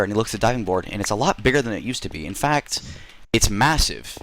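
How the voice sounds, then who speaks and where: Man telling a rambling tall tale to gaming friends; lower voice, noisy voice chat. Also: big pitch swings, fast, fairly bright tone. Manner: rambling, full of fillers and swearing. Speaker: gamer telling a story. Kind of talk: casual story-telling in voice chat.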